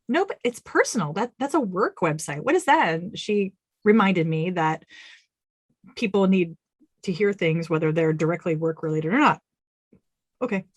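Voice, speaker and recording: A woman author chatting on a podcast, animated and expressive, playfully voicing her own past remarks. Her voice is mid-pitched and recorded close and dry, with no room sound around it. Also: dry recording. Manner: animated storyteller, acts out her own quotes. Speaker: author guest. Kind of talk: casual podcast interview.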